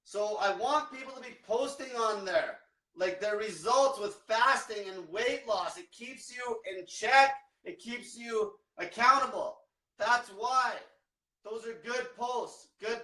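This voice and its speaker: A man's voice: extremely high pitch, pushed and bright, echoey room, far from the mic, low-quality recording. A man coaching in a profane, blunt livestream rant, repeating himself. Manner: profane, blunt, repetitive, fired-up. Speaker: diet coach.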